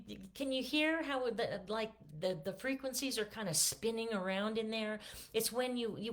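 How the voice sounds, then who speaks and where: A middle-aged woman voice teacher talking casually through a singing lesson, with lots of fillers and restarts. She says her voice is not fully warmed up yet. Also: medium pitch. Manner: relaxed, chatty, many fillers and restarts. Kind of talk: casual vocal lesson with sung demonstrations.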